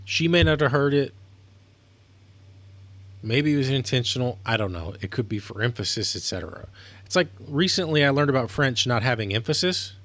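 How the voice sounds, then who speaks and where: Man, livestream chat, rambling and explanatory, medium pitch, dry close sound. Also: expressive, normal speed, a bit bright, no room sound. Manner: rambling, self-correcting, explanatory. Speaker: streamer. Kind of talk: casual livestream monologue.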